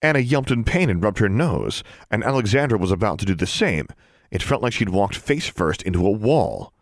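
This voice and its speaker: An audiobook narrator with a low voice reads a novel in scripted narration, his pitch moving lively through each sentence. Between character voices he carries the story steadily, and the close recording has no room sound at all.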